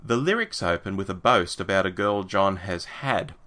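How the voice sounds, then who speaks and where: A man's voice: deep voice, animated, moderate pace, sharp tone. A man co-hosting a casual chat, reading passages from a book aloud and then talking them over with fillers and restarts. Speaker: podcast co-host reading from a book.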